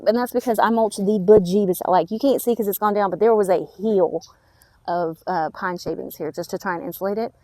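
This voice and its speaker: A woman's voice: medium pitch, brisk, mellow, no room sound. A woman gives a casual walk-through of her backyard garden, chatting and muttering at her plants as she goes. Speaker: gardening vlogger.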